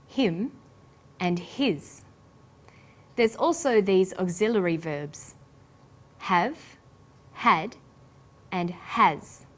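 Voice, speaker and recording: An Australian woman hosts an English lesson in a scripted, teacherly delivery. She speaks at a deliberately slow pace, spelling out each sound with careful precision at a middle pitch. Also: a bit bright. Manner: slow, careful, clearly enunciated.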